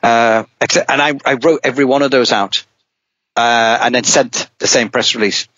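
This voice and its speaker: A middle-aged man, a rally driver, telling a long anecdote in casual talk, lively and rambling, with many restarts. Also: mid-range voice, brisk, no echo. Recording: dull, dry podcast audio.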